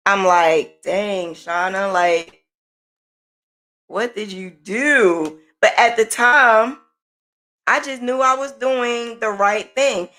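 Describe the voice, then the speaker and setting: Lively, unhurried woman vlogger. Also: on the high side. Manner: animated, candid, swears casually, acts out quoted people. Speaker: crochet vlogger. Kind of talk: casual chat.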